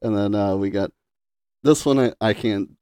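A man's voice: on the low side, normal speed, dark tone, clean tone, no room sound. A man co-hosting a casual movie podcast, reading bad lines aloud and laughing often. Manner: reads movie quotes in hammy voices, laughs often. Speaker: podcast co-host. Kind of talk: casual chat.

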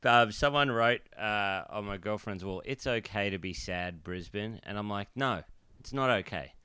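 Brief: young Aussie man, easygoing storyteller, lowish smooth voice, dry close sound. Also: moderate pace, sharp tone, dry recording. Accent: Australian. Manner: laid-back, rambling storyteller. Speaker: podcast co-host. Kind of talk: casual podcast banter.

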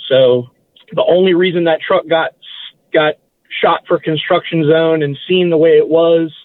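A man's voice: a little high, fairly even intonation, unhurried, no echo. Man on a tinny phone line. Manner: rambling, self-correcting recollection. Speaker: guest. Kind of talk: casual interview chat.

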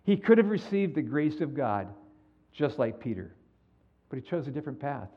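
A man preaching a sermon as pastor, animated and acting out the people in his stories. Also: mid-range voice, moderate pace, highs cut off. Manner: animated storytelling, acts out quoted dialogue.

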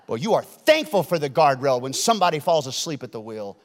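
A man preaching a sermon as pastor, acting out stories with sudden shouts and then dropping soft. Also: high-pitched, very animated, brisk, hardly any pauses. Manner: dramatic, shouts and acts out stories, swings loud to soft. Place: large church hall. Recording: long hall reverb.

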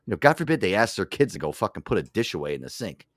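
A man's voice: lowish voice, sing-song, racing, no echo, studio quality. A man hosting a podcast, chatting casually and telling profane, joking stories. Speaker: podcast host. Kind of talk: casual chat.

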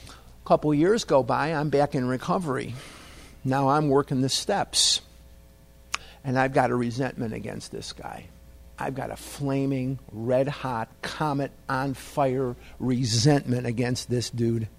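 A man's voice: mid-range voice, steady tone, measured pace, vocal fry. A man telling a humorous, self-deprecating personal story to a meeting audience. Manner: self-deprecating, wry, conversational. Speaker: speaker at a recovery meeting.

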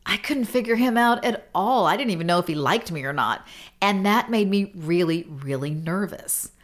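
A middle-aged woman hosting a podcast, telling a story in a casual, animated, self-deprecating way with frequent laughs. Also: mid-range voice, moderate pace. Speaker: podcast host.

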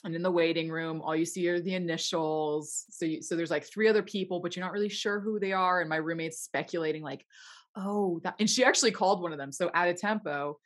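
A young woman actor, her voice on the low side, talks fast with few pauses as she tells an audition story in a casual interview. She's bubbly, laughs often, and acts out what people said.

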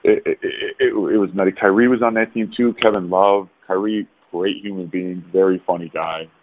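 A man, a former pro basketball player, telling rambling, animated stories as a podcast guest over a call. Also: low-pitched, normal speed, dry recording. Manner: rambling, animated, with frequent restarts. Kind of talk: casual storytelling. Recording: tinny phone-like dry sound.

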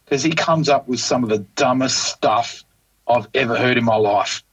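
A man with an Australian accent co-hosting a casual golf podcast, ranting in an animated, exasperated way. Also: medium pitch, normal speed, slightly rough, lo-fi sound. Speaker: podcast co-host.

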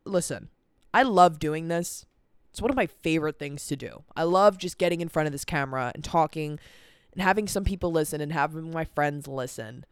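An eighteen-year-old podcast host gives a casual vlog-style chat about stress and a busy month, sounding tired and rambling, swearing and filling gaps with "like." The mid-range voice is expressive, clear and resonant at a moderate pace, in a dry, studio-quality recording. It was shot in a cold indoor room by a camera on a timer.

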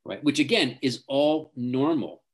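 A man's voice: mid-range voice, animated, unhurried, husky. A middle-aged man, a driving coach, giving emphatic advice as an interview guest. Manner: emphatic, acts out quoted parents and teens.

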